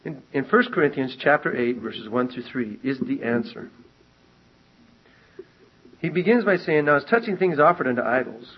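A man preaching a sermon to a congregation, animated and emphatic, often restarting his sentences and rising to loud peaks. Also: medium pitch, moderate pace, pauses often, husky. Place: church meeting hall with congregation. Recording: muffled lo-fi recording.

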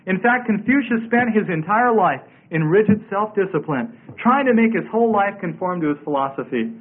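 High-voiced preacher on tinny radio. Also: male voice, lively intonation, normal speed, few pauses. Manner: emphatic, repeats phrases and scripture references. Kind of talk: sermon. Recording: tinny narrow-band radio broadcast.

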